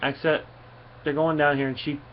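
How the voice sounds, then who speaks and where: Man reviewing a comic, rambling, halting, lots of fillers, muffled lo-fi sound, faint hiss. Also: a little high, level tone. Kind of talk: casual comic review, reading panels aloud. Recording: dull lo-fi recording with faint ambience.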